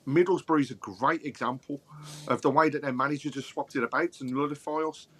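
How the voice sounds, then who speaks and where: A man with a mid-range voice talks through his football opinions at length. He speaks in a steady, considered way on a podcast panel. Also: medium pitch. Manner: measured, explains his points at length. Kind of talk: casual football chat.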